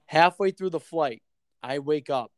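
A man's voice: fairly high pitch, a little slow, no room sound. A man telling a long story in casual chat, swearing often and acting out the other people in it. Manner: profane, animated storyteller.

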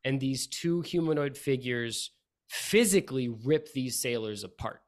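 A man running a tabletop role-playing game as its game master, narrating scenes slowly and breaking into laughter between them. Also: medium pitch, lively intonation.

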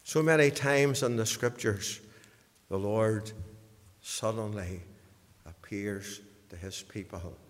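A man preaching a sermon, swinging from hushed passages to loud, high bursts and repeating words as he builds up. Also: slow pace, long reverb tail.

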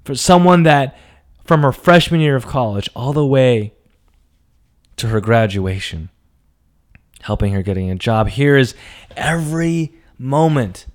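A young man telling a personal story dramatically, swinging between hushed lines and emphatic, profane outbursts. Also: medium pitch.

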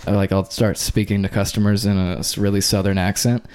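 A man's voice: lowish voice, level tone, brisk, a little mellow, clean tone. A young man co-hosting a casual podcast chat, goofy and laughing often as he runs through his bits. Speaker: podcast co-host.

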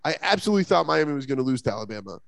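Sports podcast co-host, gravelly voice, swinging pitch, dry close mic. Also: male voice, rapid-fire, no echo. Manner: rambling, animated, many fillers and restarts. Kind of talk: casual sports talk.

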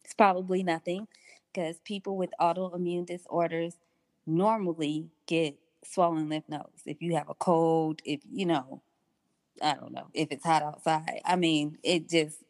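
Low-voiced, slow-talking woman. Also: no echo. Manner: candid, unhurried, acts out quoted dialogue. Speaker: guest. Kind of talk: personal storytelling in an interview.

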